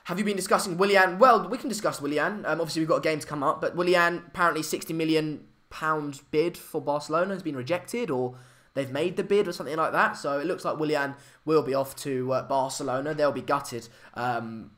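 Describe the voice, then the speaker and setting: A man's voice: a little high, a little fast, fairly bright tone. A young man, hosting a casual live stream chat, hesitant with many fillers and restarts. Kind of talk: casual live match chat, reading comments.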